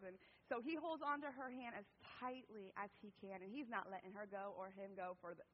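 A woman in her thirties giving a sermon, telling a family story in an animated way, then reading scripture. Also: mid-range voice, fairly quick, few pauses. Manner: animated storytelling, with lively quoted voices and laughter. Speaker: preacher. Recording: dull recording with long hall reverb.

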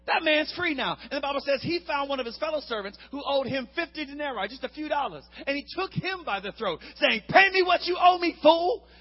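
A man preaching a lively, humorous sermon, acting out the Bible characters and swinging between shouts and hushed asides. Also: extremely high pitch, a little fast, few pauses, dull audio.

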